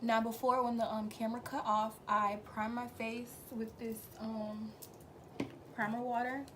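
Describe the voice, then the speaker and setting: A young woman with a fairly high voice that is a little raspy, since she has only just woken up. She talks to her viewers in a loose, friendly way. The recording is noisy, with a steady hiss behind her. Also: measured pace. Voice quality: slightly raspy. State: just woke up. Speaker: beauty vlogger. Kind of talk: casual makeup tutorial chat.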